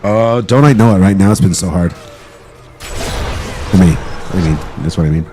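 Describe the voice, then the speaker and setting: A man's voice: deep voice, unhurried, music in the background. A man chatting casually on a live stream, joking and swearing as he rambles.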